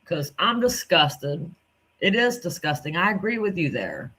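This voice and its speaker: A male commentator with a fairly high, sharp, bright voice reacts to clips he plays. He sounds indignant and curses freely. He speaks straight to the person he is criticizing. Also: very animated, measured pace, breathy edge. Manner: indignant, cursing, addresses the subject directly.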